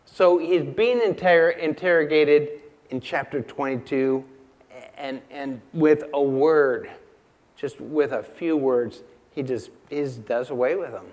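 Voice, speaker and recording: A man preaching a sermon in a church, emphatic and unhurried, asking the congregation rhetorical questions and repeating key lines. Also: fairly high pitch, darkish tone. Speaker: pastor.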